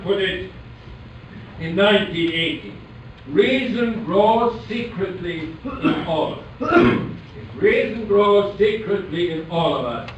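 A man's voice: a little high, fairly bright tone, a little hiss or hum. A man giving an academic lecture in a room, talking in a digressive way with restarts and rhetorical questions. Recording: echoey, distant, muffled lecture-hall recording.

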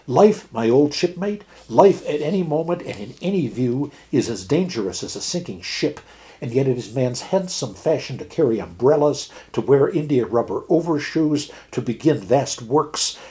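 A man reading as a calm philosophical sea captain. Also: medium pitch, voice pushed up, close to an everyday voice. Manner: gentle, measured, reasoning.

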